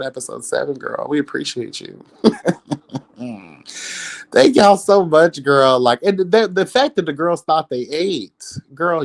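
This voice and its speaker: A man hosting a live reality TV review, roasting cast members in a sassy, profane way and laughing often. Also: on the high side. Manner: sassy, profane, calls everyone girl and bitch. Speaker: reality show commentator, host.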